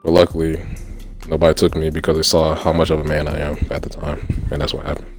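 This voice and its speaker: A man's voice: rumbling low, monotone, fast, creaky, soft background music. A young man telling childhood stories in casual chat, slangy and often laughing. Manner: laughing storyteller, loose slangy talk.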